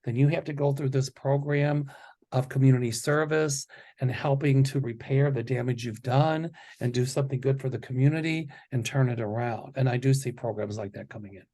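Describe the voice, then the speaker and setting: A man hosting a psychic chat show, talking casually and stressing his points in slow, deliberate lists. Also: medium pitch, dark tone. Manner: deliberate, emphatic listing of words. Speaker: psychic host.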